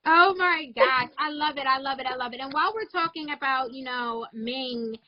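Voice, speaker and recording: A woman's voice: high-pitched, moderate pace, muffled recording. A woman hosting a livestream interview, chatty and supportive, asking long rambling questions. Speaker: summit livestream host. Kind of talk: casual interview.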